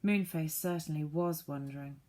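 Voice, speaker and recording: A woman reading a children's storybook aloud, gently voicing the characters. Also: sits low, normal speed. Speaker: audiobook reader.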